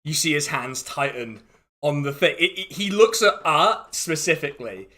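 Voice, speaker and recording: Bright-voiced male game master. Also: a little high, lively intonation, normal speed. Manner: rambling, amused, stumbling restarts. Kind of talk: narrating a tabletop game.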